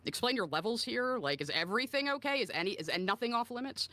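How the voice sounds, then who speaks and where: A man's voice: very high-pitched, expressive, quick pace, bright, forceful tone, no room sound. A man in an online voice-chat argument, pressing the other man with pointed questions. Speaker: debate participant.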